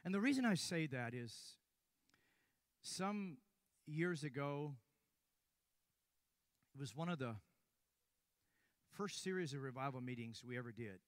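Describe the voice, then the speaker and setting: An older man preaching a sermon, telling a story with hushed stretches and sudden loud bursts. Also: mid-range voice, expressive, unhurried, long pauses, no room sound, studio quality.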